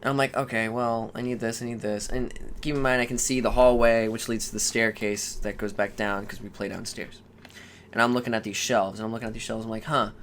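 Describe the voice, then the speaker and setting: A man's voice: medium pitch, a little fast. A young man co-hosting a podcast, telling stories in a casual way, cursing and acting out the voices of people in them. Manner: animated, swearing, acts out quoted voices. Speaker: podcast co-host. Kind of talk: casual storytelling chat. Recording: faint background noise.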